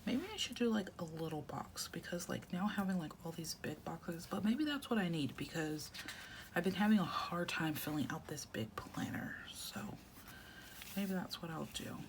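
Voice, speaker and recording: A woman in her thirties with a lowish voice, talking in a soft, half-whispered way as she chats through her journaling. She rambles easily with plenty of filler words. A steady hiss of background noise sits under the recording. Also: moderate pace. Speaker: planner vlogger. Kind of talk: casual chat while journaling.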